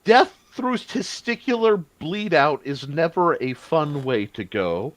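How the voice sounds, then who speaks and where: Man, game master, high voice, very lively pitch, unhurried, dry close sound. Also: dry recording. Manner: animated, laughing, jumps between narration and quick voices. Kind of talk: narrating a tabletop game.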